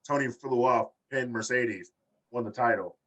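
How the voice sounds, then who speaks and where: A man co-hosting a loose podcast chat, with a bright, husky voice. He sits a bit back from the mic, so he sounds slightly distant. He tells stories in long chains and jumps up in pitch when he quotes people. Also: moderate pace, lo-fi sound. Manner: animated storyteller, acts out quotes with big pitch jumps. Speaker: podcast co-host. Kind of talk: casual chat.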